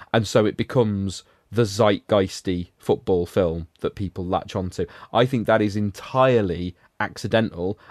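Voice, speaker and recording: Low-voiced man musing on films. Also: a little mellow, no echo, clean studio sound. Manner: thoughtful, self-correcting, wry. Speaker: podcast co-host. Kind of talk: casual film discussion.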